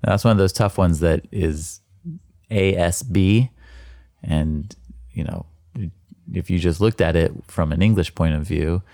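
Deep-voiced guy practicing words, slow, dry close sound. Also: gravelly, dark tone, no room sound. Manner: repeats words, jokes dryly. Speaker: language learner, co-host. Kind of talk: casual lesson practice.

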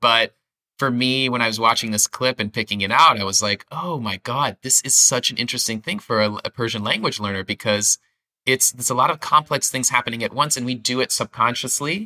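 A man's voice: medium pitch, fast, sharp tone. A man co-hosting a language lesson, explaining phrases enthusiastically in a casual teaching chat, thinking aloud with restarts.

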